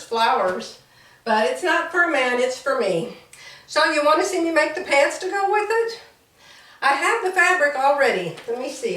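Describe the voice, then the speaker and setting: An older woman with a fairly high voice, rambling and chatty, laughing often as she talks. She sounds a little away from the mic in an echoey room. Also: pushed and bright, distant mic. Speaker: sewing vlogger. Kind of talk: casual chatty vlog. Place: home room.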